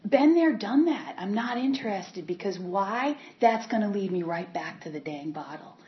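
A woman's voice: mid-range voice, animated. Candid woman sharing her recovery story, lo-fi. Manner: candid, halting, many repeats and fillers. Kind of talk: personal testimony talk. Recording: dull lo-fi recording.

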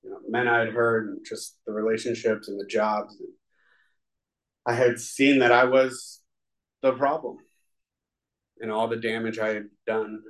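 Speaking to a live audience in a room, a man shares his recovery story in a rambling, heartfelt testimony with many restarts. His fairly low voice is flat and unhurried, with long pauses, and the recording quality is low.

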